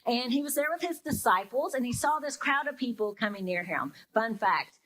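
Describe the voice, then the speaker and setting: A woman's voice: fairly high pitch, expressive, normal speed, a bit bright, low-quality recording. A young woman pastor giving a casual, reflective sermon, with lots of fillers and talking to her listeners as if in conversation. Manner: casual and reflective, many fillers, acts out listeners' inner reactions.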